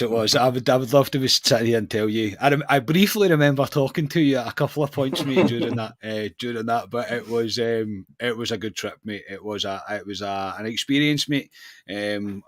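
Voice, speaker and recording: A man's voice: lowish voice, fairly quick, a bit bright, dry recording, studio quality. A Scottish man co-hosting a football podcast, talking in a casual, matey way with frequent restarts. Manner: chatty, says mate constantly, self-mocking laughs. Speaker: podcast co-host.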